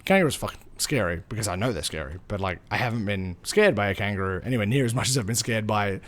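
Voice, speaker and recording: A man's voice: lowish voice, quick pace. A young man streaming a game, telling a story casually and animatedly, swearing freely. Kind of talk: casual storytelling while gaming.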